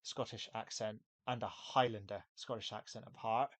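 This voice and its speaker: A man's voice: fairly low pitch, fairly even intonation, normal speed, no room sound. An English man hosting a casual podcast chat, rambling and laughing often between restarts. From England. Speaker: podcast host.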